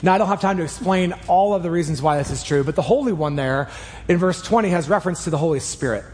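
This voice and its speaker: Pastor guy preaching in church, kinda high voice, emphatic, big reverb. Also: fast, darkish tone. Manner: earnest, emphatic preaching with shifts of pace. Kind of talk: sermon. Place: church sanctuary. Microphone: clip mic.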